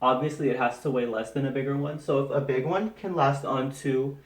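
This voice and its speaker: A man's voice: medium pitch, steady tone, brisk. Chatty young man rambling to camera. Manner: chatty, rambling, self-deprecating, lots of fillers. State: slightly out of breath. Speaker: vlogger. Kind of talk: casual chat to camera while decorating. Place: bedroom, indoors.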